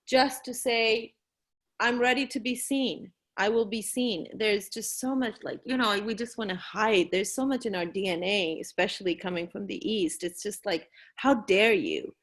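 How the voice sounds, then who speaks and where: A woman's voice: a little high, normal speed, fairly bright tone. A woman hosting a live online stream, effusive and encouraging, reading viewer comments aloud with frequent fillers.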